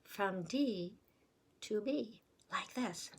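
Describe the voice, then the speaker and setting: A woman's voice: mid-range voice, very slow, breathy edge. A woman music teacher giving a recorder lesson with patient, encouraging step-by-step instructions.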